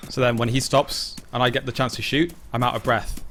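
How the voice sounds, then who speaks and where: A man's voice: mid-range voice, fairly even intonation, brisk, a bit bright, a little hiss or hum. A man streaming a game live, explaining mechanics bluntly and swearing casually as he plays. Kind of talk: live gameplay commentary.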